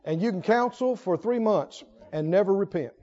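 A man's voice: high-pitched, normal speed, dark tone, long reverb tail. A man preaching a sermon, emphatic and laughing often as he asks the congregation questions. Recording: dull lo-fi recording.

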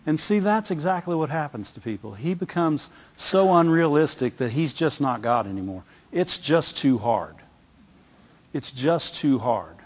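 A middle-aged man preaches a sermon in a loose, chatty way, often checking in with the congregation. His voice sits a little high for a man. The sound is dull and lo-fi, with a long reverb from a large church hall. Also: lively intonation, a little slow. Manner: conversational, repeats words, asks the congregation "Amen?". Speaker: pastor.

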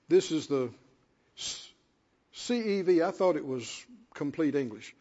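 Man, pastor, sermon, high husky voice, echoing church hall, muffled recording. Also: animated, measured pace, dark tone. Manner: emphatic, repeats phrases for stress, asks the congregation questions. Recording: dull lo-fi sound with long hall reverb.

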